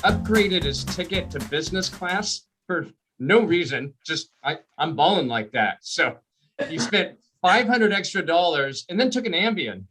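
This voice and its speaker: A man doing a stand-up comedy set on a video call, telling stories in an animated way and laughing at his own jokes. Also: sits high, measured pace, slightly rough, faint music behind.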